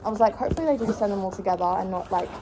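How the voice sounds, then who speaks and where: A woman vlogging in a casual, rambling way, bubbly and excitable. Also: mid-range voice, racing, noisy background. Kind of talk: casual chat.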